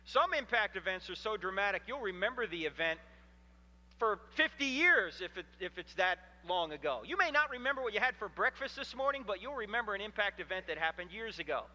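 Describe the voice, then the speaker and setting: Animated man in his fifties, bright voice. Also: sits high, brisk, big-room sound. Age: 50s. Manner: animated storytelling with humorous asides. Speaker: Christian apologetics speaker. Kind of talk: lecture to a live audience.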